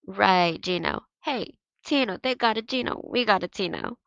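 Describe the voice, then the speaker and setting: A woman's voice: mid-range voice, animated, moderate pace, creaky, a bit bright, smooth, no room sound, muffled recording. A woman reading aloud and voicing a cocky, mocking teenage boy who leads the soccer team. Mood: taunting. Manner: taunting, swaggering.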